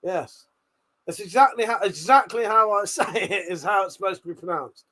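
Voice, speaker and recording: English guy on a live stream, fairly high voice, swears loads, mocking and gloating at chat. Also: moderate pace, pushed and bright. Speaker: livestream host.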